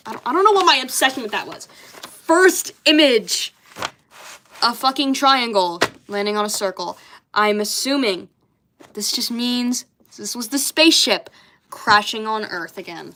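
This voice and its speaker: A woman's voice: on the high side, expressive, a little slow, background noise. A young woman in casual chat, bemused, swearing often and laughing at herself as she goes through old childhood drawings. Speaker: artist reviewing her childhood comics.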